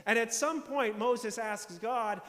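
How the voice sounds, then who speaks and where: In a church sanctuary, a high-pitched male pastor preaches slowly in a fairly bright tone, his words fading into a long reverb. He unpacks scripture through emphatic, mounting declarations and rhetorical questions.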